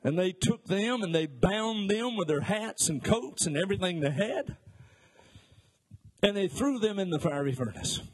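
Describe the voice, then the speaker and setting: A man's voice: high-pitched, husky. A middle-aged male pastor preaching a sermon, telling folksy stories with jokes and acting out voices as he goes. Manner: folksy storytelling with jokes and asides; acts out voices in his stories.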